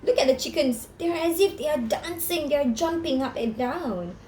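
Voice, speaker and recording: Woman storyteller for children, high, bouncy pitch, unhurried, roomy echo. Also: slight background noise. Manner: animated, asks listeners questions. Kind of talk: reading a picture book aloud.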